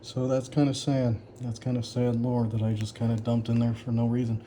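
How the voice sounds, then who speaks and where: An author reviews his old story in casual commentary, sarcastically mocking his own writing and laughing often. His mid-range voice is warm and flat, a little fast, with a little hiss or hum.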